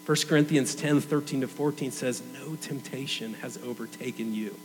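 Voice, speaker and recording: Man, preacher, conversational sermon, mid-pitched voice, reverberant hall. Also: normal speed, slight background noise. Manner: conversational, earnest, casual fillers like "man".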